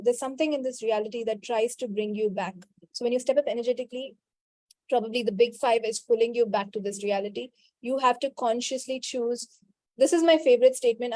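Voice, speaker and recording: A woman's voice: a little high, no room sound. Woman leading a healing call. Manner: repeats a rapid clearing chant; answers participants' questions directly, scolding gently. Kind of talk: spiritual coaching call.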